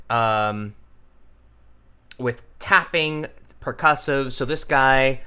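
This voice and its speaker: Guy chatting slowly while he sketches, lots of ums, bright crisp voice. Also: mid-range voice. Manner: thinking aloud with many ums, chatty. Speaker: character designer and voice artist. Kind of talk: casual drawing and voice tutorial.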